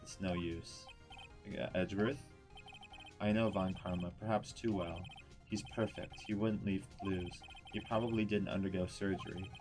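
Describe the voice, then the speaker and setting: A man voicing a calm young prosecutor who speaks in a measured, grave way. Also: low voice, lightly acted. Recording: voice over loud background music.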